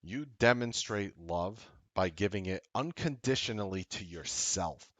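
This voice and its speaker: Man, very deep voice, dry close sound, blunt casual host, swears freely, earnest pep talk. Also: a little slow, dry recording. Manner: earnest, grows loud and emphatic. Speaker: trading show host. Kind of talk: motivational talk to a live audience.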